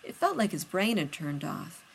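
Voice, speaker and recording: A woman reading fiction aloud as audiobook narration, steady and unhurried. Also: lowish voice, vocal fry, a little hiss or hum, rough recording. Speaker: reader.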